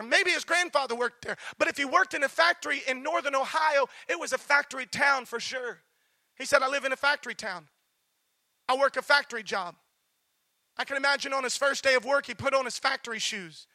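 A male preacher with a very high, sharply bright voice tells a story from the pulpit. He acts out the dialogue of the people in it with fervent energy. The sound is dry and close. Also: no room sound. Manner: impassioned, acts out quoted dialogue. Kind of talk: storytelling sermon.

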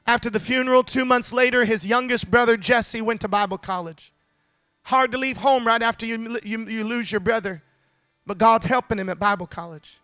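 A man preaching a sermon to a congregation, fervent and building to shouted climaxes, calling out to the listeners. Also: very high-pitched, clean tone, no echo, studio quality. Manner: calls out to the congregation.

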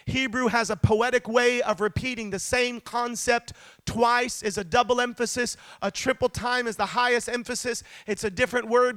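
A man preaching a fervent sermon, calling on the congregation to answer back, swinging between loud shouted lines and hushed ones. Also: very high-pitched, smooth, dry recording, clean studio sound.

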